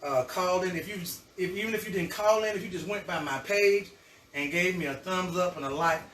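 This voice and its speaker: A man's voice: high voice, brisk, fairly bright tone, far from the mic, a little hiss or hum. Chatty, effusive man in an echoey kitchen. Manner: chatty and effusive, savoring food aloud. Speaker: cooking show host. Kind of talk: live cooking show chat to viewers. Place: home kitchen.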